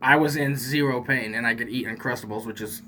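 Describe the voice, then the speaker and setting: A man's voice: medium pitch, brisk, crowd noise. A young man co-hosting a podcast, joking and swearing through casual banter. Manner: jokey, laughing, profane banter. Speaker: podcast co-host. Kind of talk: casual chat.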